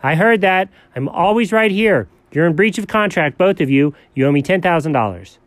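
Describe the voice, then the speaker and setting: A man's voice: sits high, lively intonation, moderate pace, no echo. A man voicing Chuck, a petty, contract-minded squirrel who talks bluntly. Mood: demanding.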